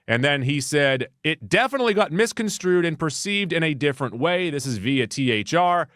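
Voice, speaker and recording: A man's voice: on the high side, animated, moderate pace, a bit bright, dry recording, clean studio sound. A man co-hosting a casual movie news podcast, reading items with a wry, joking delivery.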